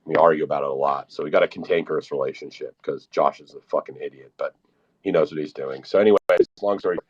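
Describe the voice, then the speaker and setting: A man's voice: rumbling low, quick pace, dull audio. A man in casual chat on a live online audio room, telling a long, rambling, profane story. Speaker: podcast co-host.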